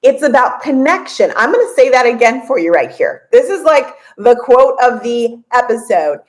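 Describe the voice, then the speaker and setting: A woman in her forties, with a voice pitched somewhat high, talks casually into her podcast mic. She coaches her listeners in a lively, chatty way and laughs often. She repeats her key lines to drive them home. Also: moderate pace, rough recording. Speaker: podcast host and business coach.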